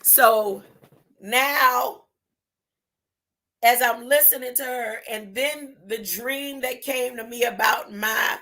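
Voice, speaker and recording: A woman preaches in an impassioned spiritual monologue, her voice pitched high and ringing bright. She takes her time, stretching out phrases and then bursting louder, and she keeps checking in with a rising "huh?". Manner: emphatic, tags points with a rising "huh?"; drawn-out, deliberate phrasing with sudden loud bursts.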